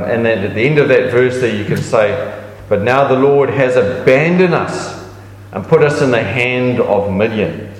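Man preaching in an echoey hall. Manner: conversational preaching with pitch swings and restarts. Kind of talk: sermon. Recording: echoey hall with long reverb.

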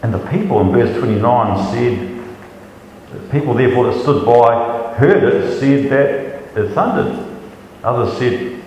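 A man's voice: mid-range voice, expressive, a little slow, a little mellow, slight background noise. A man preaching a sermon, talking in a conversational way and often repeating words as he restarts. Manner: conversational, repeats words when restarting, acts out doubters' voices. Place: large echoey hall. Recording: echoey hall with long reverb.

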